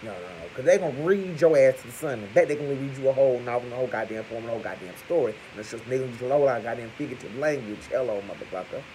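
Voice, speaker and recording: A man giving crude, profane gossip commentary to his viewers, talking to them as "y'all" and punctuating points with loud exclamations. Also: medium pitch, very fast, hardly any pauses, noisy background. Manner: animated, crude, keeps calling out "Hello!". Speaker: vlogger.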